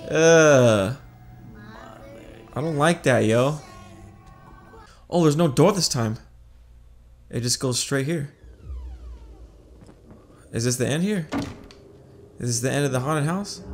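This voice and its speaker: A man casually commenting while playing a horror game, jumpy and excitable, cursing freely and thinking out loud. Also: fairly high pitch, measured pace, long pauses. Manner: jumpy, excitable, swears a lot. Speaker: gaming video host. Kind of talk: casual let's-play commentary.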